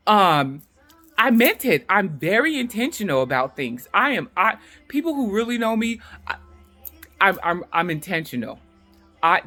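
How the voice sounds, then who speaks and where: Woman, middle-aged, casual vlog, emphatic, lower voice, faint music behind. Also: sharp tone. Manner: chatty, emphatic, repeats herself for stress. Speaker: vlogger. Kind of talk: casual talk to camera.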